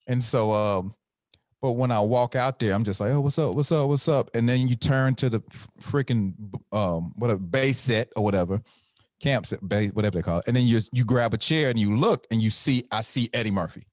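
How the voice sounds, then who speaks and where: A low-voiced man hosts a podcast in easygoing, casual chat. He doubles back on his words as he talks, and the sound is dry and close. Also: a little fast, a little mellow, no echo. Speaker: podcast host and comedian.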